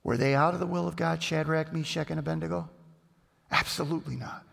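A male pastor preaching a sermon in a loose, conversational storytelling manner that grows animated. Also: fairly high pitch, brisk, gravelly. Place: church. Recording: reverberant church hall.

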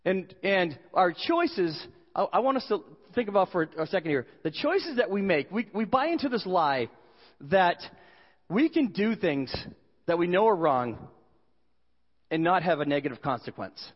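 A male pastor preaching a sermon with animated, joking storytelling, recorded with dull sound in a reverberant hall. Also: high voice, normal speed.

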